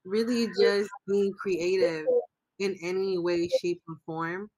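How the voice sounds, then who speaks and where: A woman's voice: mid-range voice, slow, mellow. Woman guest, casual livestream interview, emotional, rambling, restarts as she hunts for words.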